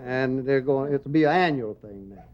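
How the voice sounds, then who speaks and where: A man's voice: mid-range voice, normal speed, darkish tone. A man, a hollering champion giving short, plain-spoken answers in a casual interview. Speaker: hollering contest champion guest. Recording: dull lo-fi TV recording.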